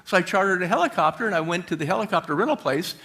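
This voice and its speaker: A middle-aged man giving a motivational talk at a church, telling stories with high energy. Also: expressive, racing, fairly bright tone. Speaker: guest speaker.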